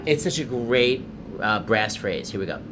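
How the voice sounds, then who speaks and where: A man hosting a commentary on a musical, effusive and excitable, rambling with fillers as he explains what he loves. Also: fairly low pitch, normal speed. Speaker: show host explaining a musical. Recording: voice-over over loud show music. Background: loud cast recording and orchestra.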